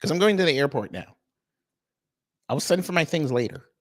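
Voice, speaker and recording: A man's voice: expressive, a little fast, a bit bright. A man voicing a fussy, panicky American woman expat who wants to flee earthquakes. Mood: frantic. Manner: shrill, fussy, frantic.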